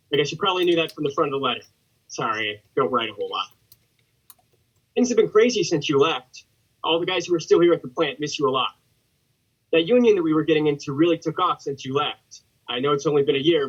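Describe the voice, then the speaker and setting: A cheeky young factory worker chats through his letter to an old friend, as a man acts him. His voice is husky and a bit high for a man. The sound is muffled, like a dull video call. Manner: chatty, plainspoken letter voice. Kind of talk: theatre monologue over video call.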